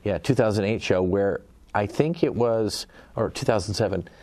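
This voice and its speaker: Man, middle-aged, deep voice, animated storyteller, casual panel chat. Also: normal speed. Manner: animated storyteller, laughs easily. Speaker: former auto industry PR man, panelist.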